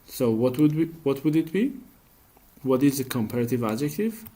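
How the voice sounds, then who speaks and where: A man's voice: mid-range voice, expressive, moderate pace, dark tone. A man teaching a grammar lesson, speaking patiently and asking questions that he then answers himself. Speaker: English teacher.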